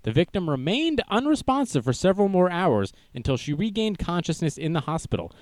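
A man's voice: high-pitched, big pitch swings, a little fast, a little mellow, dry recording. A young man hosting a casual livestream news show, joking and self-deprecating as he goes. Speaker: news stream host.

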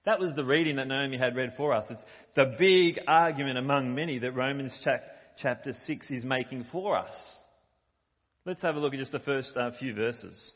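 A man's voice: mid-range voice, moderate pace, fairly bright tone. Man preaching in a reverberant hall. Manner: conversational, emphatic on quoted lines. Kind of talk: sermon.

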